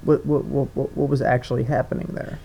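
A man's voice: medium pitch, little pitch movement, brisk, gravelly, mellow, slightly rough. A man co-hosting a casual movie review chat, rambling with stumbling restarts and frequent laughter. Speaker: podcast co-host.

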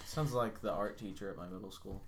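A man in a casual podcast chat, telling stories in an animated way and acting out quotes. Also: fairly low pitch, a little fast, a little hiss or hum. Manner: animated storyteller, laughs into quotes. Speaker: podcast co-host.

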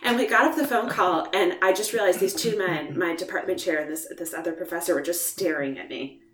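A woman academic co-hosting a podcast, telling a story in an animated, emphatic way with laughter. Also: on the low side, fairly quick, reverberant, distant mic, a little hiss or hum. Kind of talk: casual chat, storytelling.

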